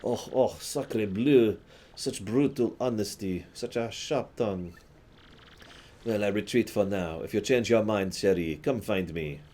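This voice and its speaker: A man's voice: fairly low pitch, unhurried, dark tone. A man voicing a smarmy male flirt from a video game, speaking with oily mock-French flourishes.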